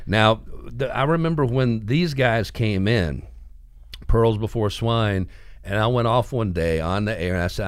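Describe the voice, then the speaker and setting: A man's voice: fairly low pitch, measured pace, smooth, no echo, studio quality. A middle-aged man hosting a radio talk show, telling stories and acting out the voices of comic strips. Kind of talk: casual on-air talk.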